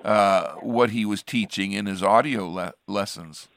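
A man's voice: on the low side, a little slow, vocal fry, fairly bright tone, no echo. A man hosting a radio program as a pastor, chatting casually and rambling with frequent restarts. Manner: rambling, restarts sentences often. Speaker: radio show host, pastor.

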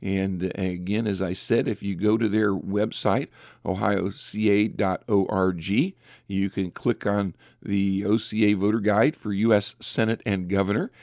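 Low-voiced man hosting a radio call-in. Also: unhurried, no room sound, clean studio sound. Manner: relaxed, chatty, with frequent fillers and restarts. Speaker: radio call-in show host and pastor.

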